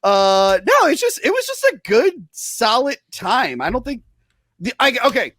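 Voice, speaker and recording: Man, podcast host, high and lively voice, jokey movie chat, dry close mic. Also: unhurried, no room sound. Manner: animated, jokey, acts out his own reactions. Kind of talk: casual movie review chat.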